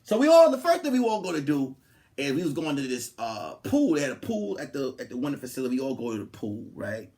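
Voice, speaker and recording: A young man, a comedian hosting a podcast, telling a comic story and acting out the people in it, swinging from loud outbursts to hushed asides. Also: mid-range voice, fast talker. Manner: animated, swings from loud to hushed, acts out quotes.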